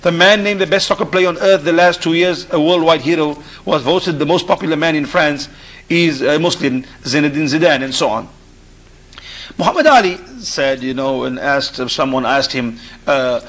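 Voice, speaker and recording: Man from Africa, talk-show guest, husky and somewhat high-pitched, halting and repetitive delivery. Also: fairly bright tone. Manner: halting, repeats and restarts phrases. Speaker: panel guest. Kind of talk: discussion on a radio call-in show.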